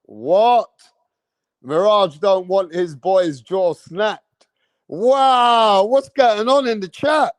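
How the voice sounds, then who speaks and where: A young man, high-pitched and unhurried, riffs through a boxing live stream in slangy, animated commentary. He talks straight to the chat, and his voice sounds close and dry with no room around it. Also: no echo.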